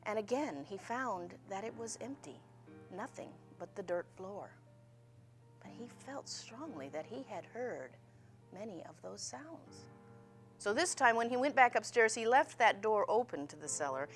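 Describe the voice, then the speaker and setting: A woman's voice: medium pitch, lively intonation, a little slow, faint music behind. A woman storyteller telling a ghost story in a suspenseful way, her voice sinking toward a whisper at tense moments. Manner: suspenseful, dropping to near-whispers.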